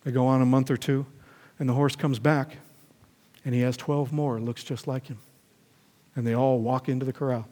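In a church with echoey hall reverb, a pastor with a mid-range voice tells a parable at a moderate pace and then leads a gentle prayer. His delivery is flat yet earnest, shifting from storytelling into prayer.

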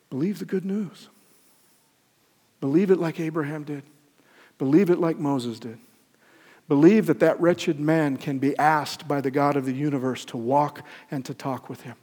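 An older man preaching a sermon, emphatic, swinging from loud peaks to soft lines and asking the congregation questions. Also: on the high side, normal speed. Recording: long hall reverb.

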